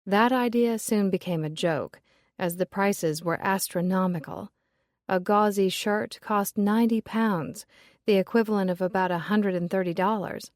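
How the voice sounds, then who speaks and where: An audiobook narrator reads a cozy mystery novel in an even, measured storytelling voice. Her medium-pitched, scripted narration is recorded dry with studio quality.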